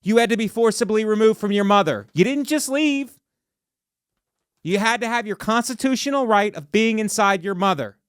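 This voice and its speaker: A man's voice: sits high, fairly quick, hardly any pauses, a bit bright, clean tone, dry recording, studio quality. A man in his forties hosting a podcast alone, ranting sarcastically and building to mock outrage. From Ohio. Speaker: podcast host. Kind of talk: solo comedic rant. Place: podcast studio.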